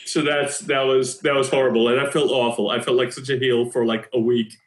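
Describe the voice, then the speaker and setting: A man co-hosting a podcast, telling an animated story in casual chat and laughing often. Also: mid-range voice, brisk. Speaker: podcast co-host. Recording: roomy echo.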